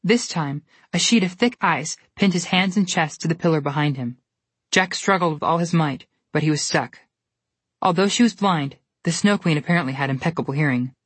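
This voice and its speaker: A woman narrates a storybook with a steady, expressive delivery in a low, husky voice. The recording is dry and close. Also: no room sound.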